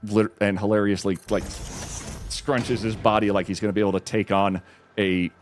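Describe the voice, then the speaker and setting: A man streaming from home, retelling a film with excitement, restarting sentences and leaping up in pitch at the dramatic moments. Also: moderate pace, soft background music. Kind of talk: animated storytelling while gaming.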